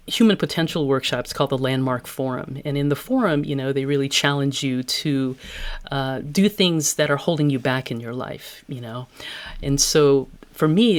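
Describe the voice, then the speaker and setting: Candid female-voiced podcast guest. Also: extremely low pitch. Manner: candid, reflective, laughs easily. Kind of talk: personal storytelling in interview.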